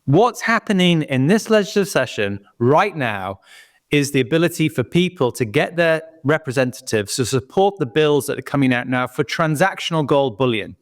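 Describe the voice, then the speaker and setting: A man's voice: mid-range voice, no echo, clean studio sound. Eager British man explaining. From United Kingdom. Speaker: guest expert. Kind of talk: interview conversation.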